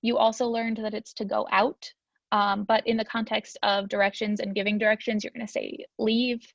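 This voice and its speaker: A woman's voice: medium pitch, little pitch movement, normal speed, gravelly, no room sound, lo-fi sound. A young woman teaching a Spanish grammar lesson in a chatty, upbeat way, with frequent ums.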